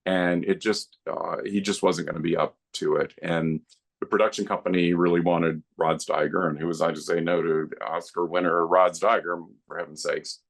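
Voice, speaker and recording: A man's voice: low-pitched, level tone, moderate pace, creaky. A middle-aged man, a guest filmmaker on a podcast, reminiscing in an earnest, heartfelt way. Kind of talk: podcast interview.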